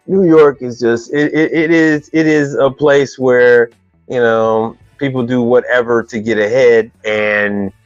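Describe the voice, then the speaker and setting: A man's voice: mid-range voice, no echo. A man hosting a casual live stream on business questions, rambling and teasing in loose slang. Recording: dull dry sound with faint music behind.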